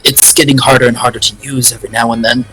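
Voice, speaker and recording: A man's voice: medium pitch, flat delivery, quick pace, sharp tone, faint music behind, rough recording. A man casually playing a tabletop role-playing game, rambling and hesitant.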